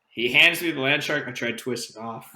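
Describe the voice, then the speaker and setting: A man co-hosting a podcast, telling an animated, profanity-laced story in casual chat. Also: medium pitch, brisk. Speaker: podcast co-host. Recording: roomy echo.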